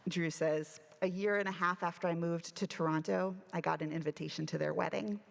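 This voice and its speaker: A woman minister giving a sermon, telling a story with animated delivery and acting out the voices she quotes. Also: lowish voice, brisk, vocal fry. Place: church sanctuary. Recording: long church reverb.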